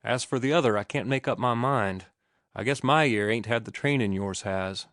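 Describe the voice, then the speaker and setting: Guy reading as a young sailor, rough grammar, slow and thinking it over, dry close sound. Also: mid-range voice, a bit bright, dry recording, natural voice. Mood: thoughtful. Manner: ungrammatical working-class speech, slow and thoughtful. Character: young rough-spoken male sailor, earnest.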